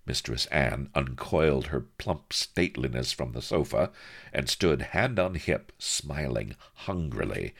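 A man narrating a story aloud in a wry, lively storytelling manner. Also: rumbling low, moderate pace, vocal fry, husky. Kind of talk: dramatic audiobook reading.

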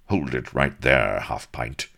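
A grim, cocky sea captain with a very deep, gravelly voice and clipped, hard delivery, as a man reads his lines. He takes his time, every word flat and steely, with a rasp at the bottom. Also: takes it slowly, heavily acted. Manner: curt, hard-edged. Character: grim, cocky male naval captain in disguise.

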